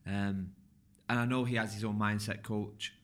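A man hosting a casual podcast, relaxed and a little slurred when he talks quickly. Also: lowish voice. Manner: relaxed, slurs words when talking fast. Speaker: podcast host.

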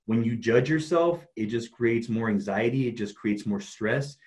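A man's voice: medium pitch, a little mellow. A man who works as a life coach, talking earnestly in a casual conversation, often restarting his sentences. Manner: earnest, halting, many restarts.

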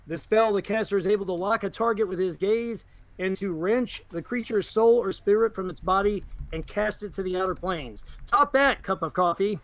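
A man's voice: sits high, normal speed. A man co-hosting a podcast, chatting casually about a game book and rambling with lots of fillers and restarts. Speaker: podcast co-host.

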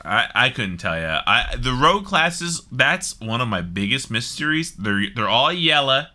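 A man in casual gaming chat as a podcast co-host, chatty and animated, swearing casually. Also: medium pitch, unhurried.

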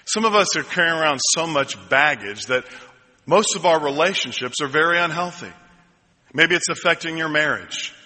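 A man preaching a sermon as pastor, telling a story slowly and building to ringing, repeated lines. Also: on the high side, expressive, pushed and bright. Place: church sanctuary. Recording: long hall reverb.

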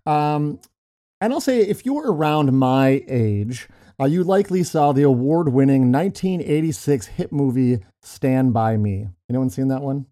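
Mellow-voiced chatty male podcast host. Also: medium pitch, lively intonation, measured pace. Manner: chatty, storytelling with frequent restarts and laughs. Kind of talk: casual chat.

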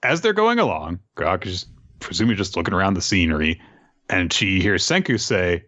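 A man's voice: low voice, big pitch swings, fairly quick, sharp tone. A young man hosting a casual podcast, recapping a story loosely with swearing and fillers. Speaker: podcast host. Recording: slightly dull, dry sound.

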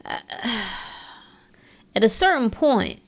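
A woman's voice: a little high, big pitch swings, takes it slowly. Woman podcast host, casual and preachy, slangy, lots of rhetorical questions. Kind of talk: casual motivational podcast talk.

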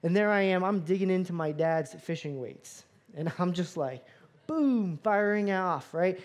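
Man from Florida telling a lively sermon story. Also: high-pitched, normal speed. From Florida, USA. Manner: animated, self-mocking storytelling. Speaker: pastor.

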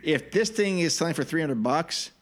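A man's voice: a little high, expressive, normal speed, slight background noise. A man co-hosting a podcast in casual chat, telling rambling anecdotes in a chatty way. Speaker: podcast co-host.

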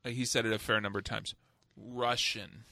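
A man's voice: lowish voice, little pitch movement, normal speed, creaky, pushed and bright, no room sound. A man co-hosting a casual movie podcast, talking in stammering restarts and laughing. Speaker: podcast co-host, judge of the game. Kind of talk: casual movie review chat.

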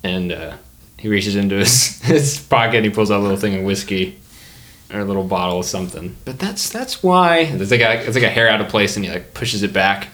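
A man's voice: on the low side, fairly even intonation, a little fast, fairly bright tone. A man narrating as game master in a tabletop game, in a casual, rambling manner.

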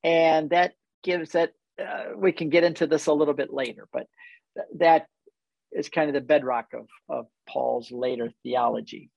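A man's voice: fairly high pitch, fairly even intonation, normal speed, creaky, no room sound, dull audio. A man telling a personal story in conversation as a guest who leads tour groups, earnest and reflective and easily moved.

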